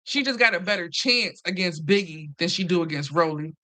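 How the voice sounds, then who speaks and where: A woman hosting a casual, animated recap chat, swearing freely and acting out what others said. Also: fairly low pitch, fairly quick. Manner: animated, profane, acts out quotes. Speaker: host.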